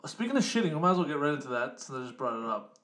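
A man's voice: a little high, sing-song, very fast, fairly bright tone. A man co-hosting a casual podcast, bantering, laughing often and swearing freely. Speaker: podcast co-host. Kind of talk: casual chat.

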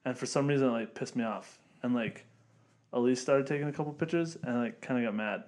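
A man's voice: medium pitch, fast talker, a little mellow. A young man co-hosting a casual podcast chat, swearing a lot and ranting with heat. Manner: profane, heated and ranting. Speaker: podcast host.

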